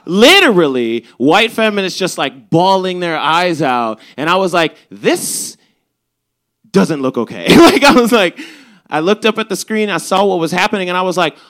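A young man from Chicago's South Side telling a stand-up story, animated and swearing, acting out quoted lines. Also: sits high, moderate pace. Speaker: stand-up comedian.

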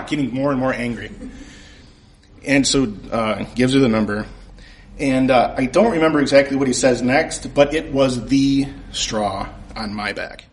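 Speaking at normal speed in a mid-range voice, a man shares a comic personal story with an audience. He is animated, laughs a lot, and pokes fun at himself.

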